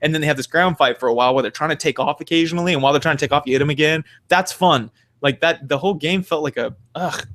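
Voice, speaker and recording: Animated, profane man ranting about games. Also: fairly high pitch, fast, hardly any pauses. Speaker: podcast co-host. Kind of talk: casual gaming chat.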